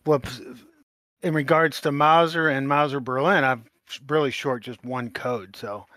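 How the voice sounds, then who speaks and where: A male guest author answers in a halting, hesitant way. His voice sits at a middle pitch. The sound is dry and close. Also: steady tone, sharp tone, dry recording. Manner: hesitant, halting with many restarts. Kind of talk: casual interview chat.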